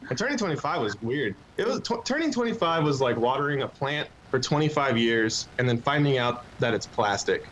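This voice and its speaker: Brash, lively young man doing stand-up. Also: mid-range voice, fairly quick, few pauses, a little hiss or hum, rough recording. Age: 20s. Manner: crude, brash, self-mocking punchlines. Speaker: stand-up comedian. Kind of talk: stand-up set on an open mic livestream.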